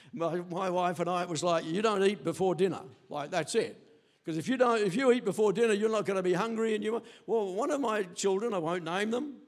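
An older man preaching a sermon as pastor, telling stories animatedly and acting out quotes. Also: sits high. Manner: animated storytelling with acted quotes.

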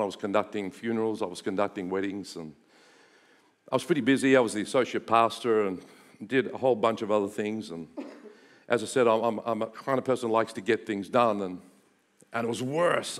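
Speaking fairly quickly in a lowish voice, this middle-aged pastor shares a personal story during his sermon. His animated delivery swings between quiet, hushed moments and loud outbursts.

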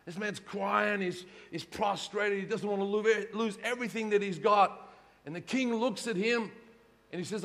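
A pastor preaching a sermon, swinging between hushed lows and shouted peaks. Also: male voice, fairly even intonation, normal speed, gravelly, in a large hall.

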